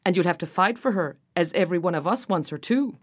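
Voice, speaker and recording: A woman's voice: lowish voice, animated, fast. A woman voicing a group of boastful rival princes in a storybook, taunting and challenging.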